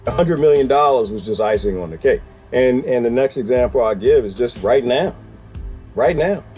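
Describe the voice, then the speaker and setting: A man giving casual reaction commentary to a clip, emphatic and animated, throwing out rhetorical questions and laughing as he talks. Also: medium pitch. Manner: colloquial, laughs while talking.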